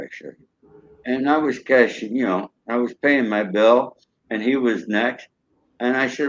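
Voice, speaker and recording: A man's voice: mid-range voice, measured pace, lo-fi sound. An older man, a show guest, telling folksy stories and acting out cheerful greetings in a raised voice. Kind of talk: storytelling.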